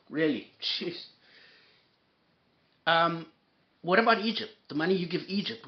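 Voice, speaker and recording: A man hosts a reaction commentary in a fairly high voice that leaps up and down. He sounds heated and sarcastic and swears freely. The sound is dull and lo-fi. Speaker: commentary host.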